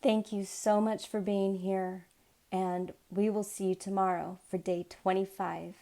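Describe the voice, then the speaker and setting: A woman reading scripture aloud in a measured, unhurried way, then chatting with her listeners, her voice worn from illness. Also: mid-range voice. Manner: unhurried, measured reading; chatty and excited when speaking off the text. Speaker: Bible reading channel host.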